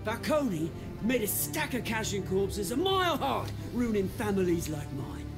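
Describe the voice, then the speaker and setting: A man's voice: high voice, very animated, a little slow, over music, full character voice. An actor with a British accent playing a brash, resentful young man who has lost his family fortune, in a video game. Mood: scornful. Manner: swaggering, resentful, theatrical.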